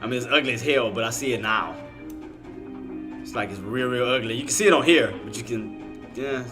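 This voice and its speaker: A man's voice: medium pitch, fairly quick, music in the background. A man giving live commentary on his trading, exasperated, swearing and talking straight to his chat viewers. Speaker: day trader streaming to viewers.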